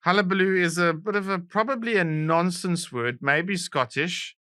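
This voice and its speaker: A playful South African man reading out quiz questions on a podcast, his voice higher than most men's and smooth. He speaks with a lively, bright lilt into a dry, close mic. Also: normal speed, dry recording. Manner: playful, explains with relish. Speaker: podcast co-host, quizmaster. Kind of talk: casual trivia chat.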